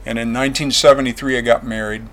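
A man giving a personal testimony as a veteran, plain-spoken and earnest, going quiet on painful memories. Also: mid-range voice, fairly even intonation, fast.

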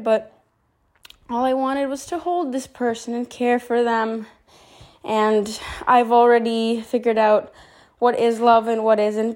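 Woman podcast host, casual confessional monologue, wry and playful, slightly breathless, higher-pitched voice. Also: darkish tone. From Montreal. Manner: wry, playful, frequent throat clearing.

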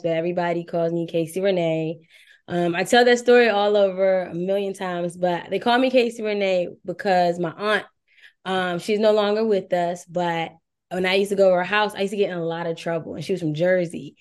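A woman guest who owns a design agency, telling her story in a relaxed, casual way and laughing often. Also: lowish voice, moderate pace, clean tone. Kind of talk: casual interview chat.

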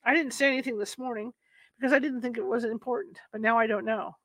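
A woman's voice: on the high side, fast, fairly bright tone, no room sound. Woman reading as an earnest anxious young mother.

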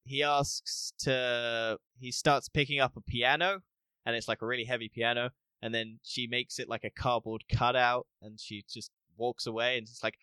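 A man co-hosting a casual podcast review, animated, acting out scenes and laughing often. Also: medium pitch, normal speed, smooth, no echo. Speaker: podcast co-host. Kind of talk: casual spoiler review chat.

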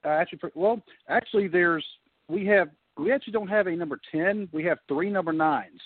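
Trivia-sharing co-host, phone-thin sound. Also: male voice, high-pitched, brisk, dry recording, phone-quality sound. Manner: shares trivia eagerly. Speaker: podcast co-host. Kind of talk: casual podcast chat.

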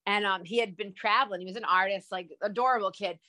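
A woman co-host with a Rhode Island accent chats bluntly and swears freely. Her delivery is lively and animated, and she often tells stories. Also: mid-range voice, fast talker. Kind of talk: casual chat.

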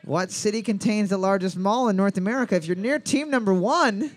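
A man's voice: high voice, fairly quick, faint music behind. A man hosting a trivia night, reading each question twice and cracking teasing jokes. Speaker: trivia quiz host. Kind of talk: joking bar trivia hosting.

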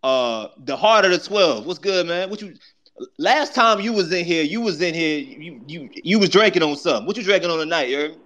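A man's voice: on the high side, animated, fairly quick, a bit bright, lo-fi sound. A man hosting a live online audio room, teasing listeners and calling on them by name. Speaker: host of a fan call-in audio space.

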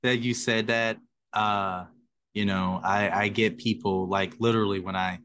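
A man's voice: fairly low pitch, steady tone, measured pace, a bit bright. A man co-hosting a podcast, talking in a laid-back way in casual chat. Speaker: podcast co-host.

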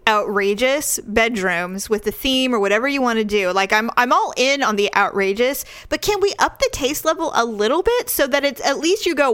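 Animated, outspoken woman co-host. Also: fairly high pitch, normal speed, few pauses, no room sound. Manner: animated, swears, acts out quotes in raised voice. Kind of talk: casual chat reviewing a TV show.

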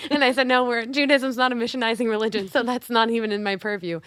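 A young adult woman co-hosting a podcast in casual chat, an animated storyteller who acts out the dialogue. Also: on the high side, fast talker, no room sound, studio quality. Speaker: podcast co-host.

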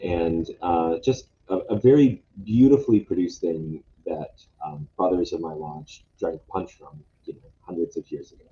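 A man's voice: low voice, moderate pace, hardly any pauses, mellow. A man presenting lodge history in a casual talk, hesitant and full of fillers and restarts. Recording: dull lo-fi sound, faint noise.

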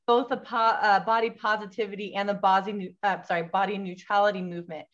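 An earnest woman guest speaking at a middling pitch, leaning often on "you know" as she goes. Her voice comes over an online call that sounds dull and lo-fi. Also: flat delivery, quick pace, fairly bright tone. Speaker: guest, mother of daughters. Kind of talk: casual interview chat.

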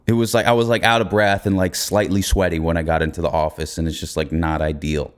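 Speaking quickly in a low, level voice, a young man hosting a podcast spins a funny tale. He's relaxed and foul-mouthed, and laughter keeps breaking into his story.

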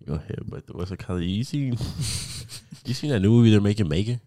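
A man's voice: on the low side, animated, fairly quick, heavy background noise. A young man hosting a podcast, teasing his co-host in crude, joking banter. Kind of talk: casual chat.

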